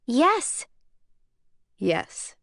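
A woman's voice: fairly high pitch, wildly swooping pitch, very slow, gravelly, a bit bright, dry recording, pitched above the performer's own voice, exaggerated voice. Woman reading angry young heroine, raised shaky voice, accusing, dry audiobook recording. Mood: agitated. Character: young woman, furious, shaken, defiant heroine.

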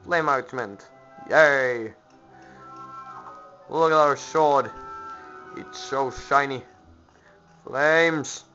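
Very slow, bright-voiced goofy gamer man. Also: mid-range voice, soft background music. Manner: goofy, humming and shouting at enemies. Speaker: let's play host. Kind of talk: casual gameplay commentary. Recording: slightly muffled lo-fi recording.

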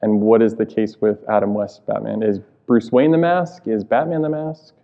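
A man's voice: on the low side, fairly even intonation, normal speed, gravelly, highs cut off. A male priest hosting an interview. He asks casual questions and keeps affirming with short "mm-hmm"s and "right"s.

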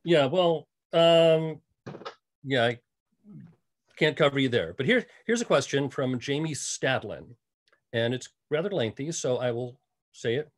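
A man's voice: medium pitch, unhurried. Male host reading audience questions. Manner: relaxed, reads audience questions aloud. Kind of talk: hosting an online interview.

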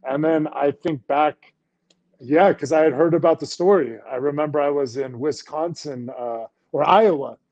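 A man's voice: fairly high pitch, normal speed, darkish tone, lo-fi sound. A man wrestler chatting loosely about what he saw and heard. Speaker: wrestler guest. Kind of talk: casual interview talk.

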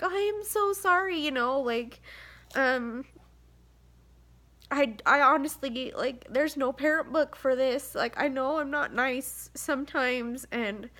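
A woman in her thirties speaks to the camera in a slightly high, somewhat bright voice. She's a vlogger and mother of seven, tired and close to tears, rambling through a confessional video full of fillers and sighs.

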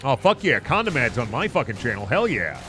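A man's voice: medium pitch, big pitch swings, fairly quick, pushed and bright, soft background music. A man streaming a video game, ranting and swearing in a casual, mock-outraged way. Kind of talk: casual gaming stream commentary.

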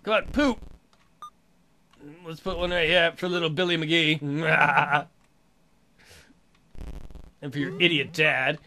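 A man hosting a let's play of a video game, excitable, laughing and swearing as he plays. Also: on the high side, slow pace, pauses often. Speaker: gaming channel host.

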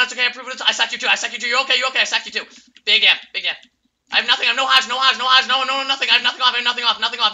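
A man streaming a competitive game, talking a teammate through the match in rapid repeated callouts and getting very excited. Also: very high-pitched. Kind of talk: live gameplay callouts to a teammate.

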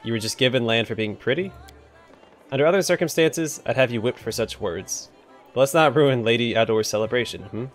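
An arrogant, bored baron, read aloud by a man, haughty and offhand. The voice sits at a middle pitch, with faint music behind. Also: fairly quick, natural voice.

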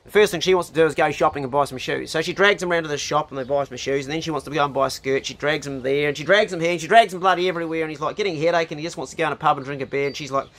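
A man's voice: a little high, racing, few pauses, fairly bright tone. A middle-aged man with a New Zealand accent, telling jokes and chatting casually in an outdoor vlog as he works on a house truck. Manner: folksy storyteller, drops into put-on voices for joke characters. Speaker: vlogger.

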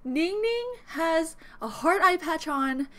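Young woman, reaction vlogger, unhurried delivery, lively swooping pitch, gushing, trails off mid-word. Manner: gushing, breaks off mid-word, repeats exclamations. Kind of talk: excited reaction commentary. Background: faint music from the video.

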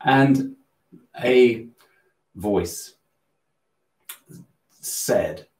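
A man's voice: on the low side, moderate pace. Earnest man telling a story. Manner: earnest, animated storyteller with frequent restarts. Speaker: host of a spiritual channel. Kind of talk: casual storytelling in a live Q&A. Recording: roomy echo.

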